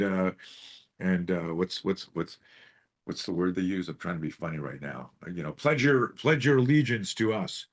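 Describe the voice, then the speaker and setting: Speaking at a moderate pace in a low voice, a man leads self-defense coaching on a live group video call. He tells animated stories laced with lots of swearing and rhetorical questions.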